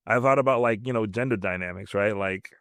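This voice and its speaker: A man with a fairly low voice talks on a podcast, quick and self-reflective. He restarts thoughts and leans on fillers. The sound is dry and close to the mic. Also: a bit bright, dry recording. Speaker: podcast co-host. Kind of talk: casual podcast chat. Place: podcast studio.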